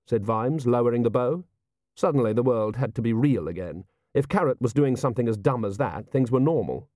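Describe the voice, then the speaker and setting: A man reading an audiobook, narrating in an expressive, wry way. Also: mid-range voice, moderate pace, no room sound, clean studio sound. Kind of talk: scripted narration.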